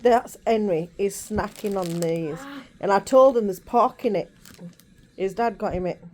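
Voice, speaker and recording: A woman's voice: medium pitch, a little slow, a little mellow, slight background noise, poor audio. A woman chatting casually in her bedroom, rambling with many asides. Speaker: vlogger. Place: bedroom at home.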